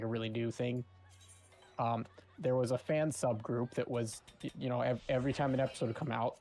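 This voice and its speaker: A man streaming, chatting casually and telling animated stories with frequent laughs. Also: medium pitch. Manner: animated storyteller, laughs often. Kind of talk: casual chat.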